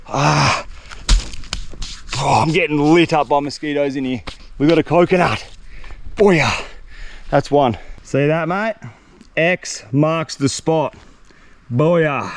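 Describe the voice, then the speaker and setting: A young man talks straight to the camera as he explores a jungle on his own. His voice sits a little high for a man, and he speaks in a loose, slangy way that keeps spilling over into excitement. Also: no echo. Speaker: survival vlogger. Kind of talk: solo outdoor vlog narration. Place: outdoors in a tropical jungle.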